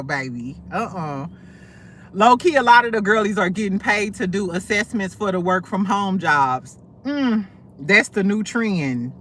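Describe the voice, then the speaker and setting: Sassy lady dishing gossip on her livestream, bright voice, cussing, bouncing all over the place. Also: medium pitch, sing-song, unhurried, slight background noise. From St. Louis. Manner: sassy, blunt, profane storytelling with many asides. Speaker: livestream host. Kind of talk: casual gossip commentary.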